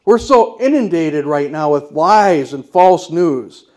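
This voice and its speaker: High-voiced man preaching emphatically. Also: expressive, takes it slowly, darkish tone. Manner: emphatic, declarative preaching with rhetorical questions. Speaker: pastor. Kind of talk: sermon.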